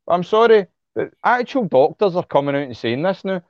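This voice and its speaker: A man's voice: sits high, very animated, a little fast, dry recording, dull audio. A man, speaking bluntly and heatedly as an interview guest, swearing freely and repeating himself when worked up. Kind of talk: impassioned casual interview talk.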